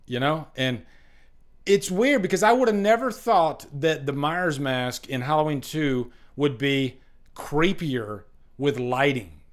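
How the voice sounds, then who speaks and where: A man hosting a casual live stream chat over a webcam, rambling, repeating himself and filling pauses with fillers. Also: medium pitch, fairly bright tone.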